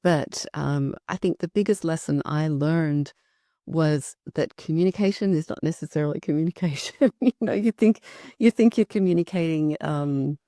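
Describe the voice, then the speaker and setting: A woman's voice: low voice, normal speed, dark tone, no echo, studio quality. A middle-aged Australian woman, a podcast guest, talking in an upbeat, chatty way with plenty of fillers. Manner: upbeat, talkative, frequent fillers. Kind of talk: conversational interview.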